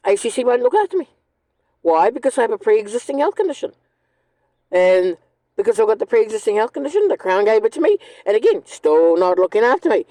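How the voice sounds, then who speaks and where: A woman's voice: a little high, warm tone, dry recording, low-quality recording. A woman, ranting angrily and bluntly in a monologue, swearing often. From New Zealand. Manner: angry, blunt, profane. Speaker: vlogger.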